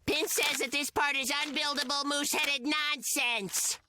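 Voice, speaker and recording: A woman voicing an earnest cartoon creature with a silly high voice who complains a lot. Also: fairly even intonation, unhurried, bright, forceful tone, heavily acted. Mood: whiny. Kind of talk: animated cartoon dub. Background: background music.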